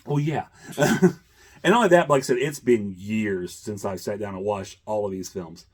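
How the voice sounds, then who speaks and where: A man's voice: on the low side, normal speed, husky. A man hosting a casual chat, rambling with many fillers and chuckles. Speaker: host.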